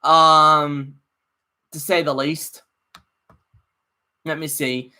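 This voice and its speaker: A man's voice: a little high, level tone, drawn-out words, pushed and bright. A man giving a casual, opinionated live review, rambling with lots of fillers and restarts. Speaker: wrestling show reviewer.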